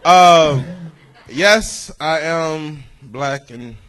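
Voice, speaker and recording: A young man, a comedian, bantering and swearing with a panel on a live show, excitable and loud when teased. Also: on the high side, very slow.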